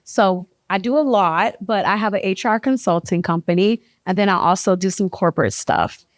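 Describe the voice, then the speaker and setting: A woman's voice: mid-range voice, normal speed, no echo, studio quality. A woman from Florida asking a friendly, chatty question from the audience at a panel.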